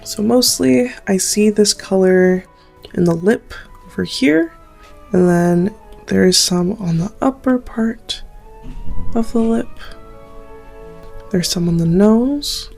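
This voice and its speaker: A woman's voice: mid-range voice, takes it slowly, vocal fry, pauses often, darkish tone, faint music behind. A young Canadian woman, an artist from Southern Ontario, talking through her drawing process in a rambling, self-deprecating, chatty way. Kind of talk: chatty draw-along tutorial.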